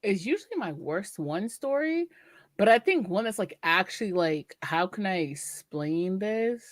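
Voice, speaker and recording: A young woman talks into a close, dry mic, her pitch swinging widely as she tells a story. She is blunt and profane and acts out both sides of the exchange. The sound is casual podcast chat. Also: a little slow, no echo. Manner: animated, profane, laughing storyteller. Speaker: podcast co-host.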